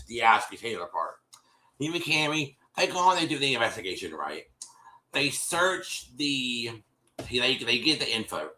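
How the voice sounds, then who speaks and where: Sing-song and pushed-bright, a mid-range male voice at normal speed recaps a TV episode on a stream. The host rambles with many restarts and calls his viewers y'all, and his streaming setup mic makes for a low-quality recording.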